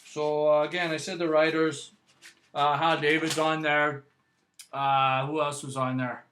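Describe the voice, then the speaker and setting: Canadian male host, casual rambling delivery, bright tone, roomy echo. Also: a little high, level tone, measured pace, slight background noise. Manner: chatty, rambling, frequent "eh" and "right". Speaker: music vlog host. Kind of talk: casual vinyl review.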